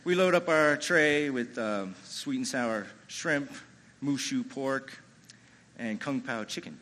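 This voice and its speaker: A man's voice: medium pitch, slow, fairly bright tone, slight background noise, rough recording. A man telling a true-feeling personal story live on a ballroom stage, in a conversational way with lots of "you know" and "like". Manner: amused, chuckles through the telling.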